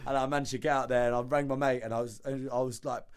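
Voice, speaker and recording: A man, a podcast guest telling his story in casual conversation, animated and slangy, often repeating words as he acts out the dialogue. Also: medium pitch, fast, heavy background noise.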